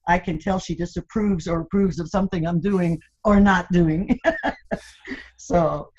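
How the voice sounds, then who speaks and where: Older woman, interview guest, low-pitched, laughing anecdotal delivery, muffled lo-fi sound. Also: measured pace. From United States, Cuban American family. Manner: laughs often, animated storytelling with playful teasing. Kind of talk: candid conversational interview.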